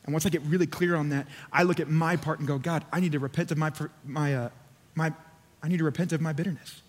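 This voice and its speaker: A man's voice: on the high side, steady tone, fast talker. A man preaching a sermon as pastor, fervent and urging, repeating phrases for emphasis. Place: church auditorium. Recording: long hall reverb.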